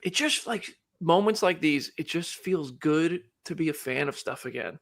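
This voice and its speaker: A man hosting a live show, chatting casually and joking, rambling with quick restarts. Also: fairly high pitch, expressive. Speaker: host.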